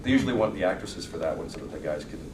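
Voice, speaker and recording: A man's voice: sits low, racing, a crowd in the background. A man, an actor, chatting casually and jokingly as a panel guest and answering fan questions. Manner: joking, animated, does accent impressions. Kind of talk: casual storytelling Q&A. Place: large convention hall. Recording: echoey hall, distant mic, noise.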